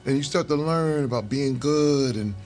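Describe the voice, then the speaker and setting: A man's voice: mid-range voice, moderate pace, darkish tone, soft background music. Earnest middle-aged man telling stories. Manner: earnest, reflective storyteller, chuckling at times. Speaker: interview guest. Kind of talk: casual conversation over a meal.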